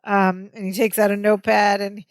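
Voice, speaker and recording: A woman's voice: mid-range voice, flat delivery, normal speed, no echo. Chatty woman co-hosting a podcast. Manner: chatty, laughs often, quotes characters. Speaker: podcast co-host. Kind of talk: casual chat recapping a sitcom episode.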